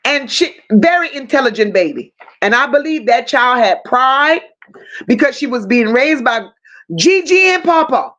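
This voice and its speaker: High-voiced, blunt, profane woman. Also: expressive, unhurried, fairly bright tone, lo-fi sound. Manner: blunt, profane, emotional storytelling; addresses viewers directly. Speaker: true crime host. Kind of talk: casual livestream commentary.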